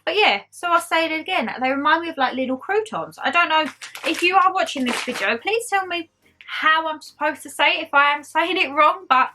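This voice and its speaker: She's a young vlogger showing off her shopping haul, chatty and bubbly with a mix of Essex and Geordie in her accent. Her high voice comes out brisk, pushed and bright.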